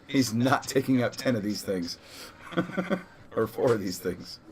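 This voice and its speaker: A man's voice: fairly low pitch, unhurried, a little hiss or hum. Laid-back male game master. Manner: casual, laughing, correcting himself. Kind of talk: running a tabletop game session.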